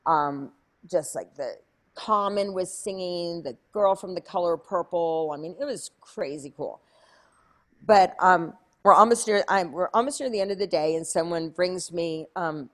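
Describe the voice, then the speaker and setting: Chatty, lively woman telling a story. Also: fairly low pitch. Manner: chatty, many "like" fillers, acts out her own past lines. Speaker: guest. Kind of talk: animated storytelling in an interview.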